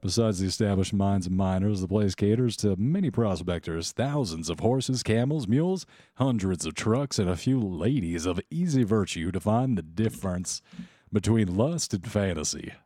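A man running a tabletop game as game master, narrating scenes and reading off long lists at an unhurried pace. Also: on the low side, animated, warm tone, no room sound, studio quality.

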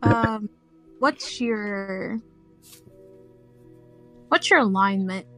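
A woman playing a tabletop role-playing game chats hesitantly, using many fillers and drawing out her words. Her voice is mid-range, soft music plays in the background, and the recording quality is low.

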